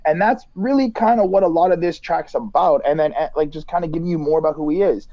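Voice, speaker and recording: A man co-hosting a podcast, talking casually about an album in a relaxed, hesitant way with many restarts. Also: a little high, fast talker, no echo, lo-fi sound. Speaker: podcast co-host. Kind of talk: casual album review chat.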